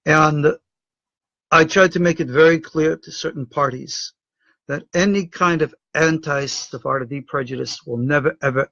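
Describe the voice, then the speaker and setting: A middle-aged American rabbi speaks in an emotional, indignant address, often stumbling and repeating words. His voice is bright and tense, pitched somewhat high. The recording is dry and a little dull. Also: no echo. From United States. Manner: emotional, indignant, halting repetitions. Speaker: rabbi and Torah teacher. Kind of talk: impassioned video address.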